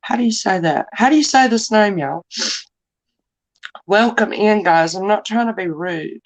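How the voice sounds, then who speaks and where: A middle-aged woman with a drawl hosts a loose live chat in a mid-range, animated voice at a moderate pace, over a rough recording. She rambles, apologizes often and sounds emotional, like someone who wears her feelings openly.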